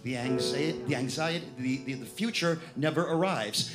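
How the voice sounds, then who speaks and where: A man's voice: mid-range voice, normal speed. A man performing a wry, reassuring spoken-word comedy piece on a live club stage. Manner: reassuring, wry, sing-song. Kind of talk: rhythmic spoken-word comedy over music. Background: live instrumental music.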